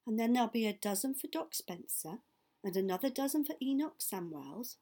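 A proud, easygoing father from a storybook, read by a woman. He talks in a relaxed, matter-of-fact manner. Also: on the high side, brisk. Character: proud poacher father, man, easygoing and warm.

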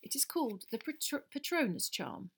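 A woman reading an audiobook, voicing a calm, kindly male wizard teacher who explains in a measured, patient way. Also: high-pitched, vocal fry, slightly rough, pitched above the performer's own voice, full character voice. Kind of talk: audiobook character voice.

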